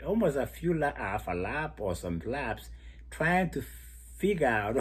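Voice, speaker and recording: Husky man laughing through race analysis. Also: mid-range voice. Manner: laughs often while talking, animated storytelling. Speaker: athletics commentator. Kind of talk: casual race analysis monologue.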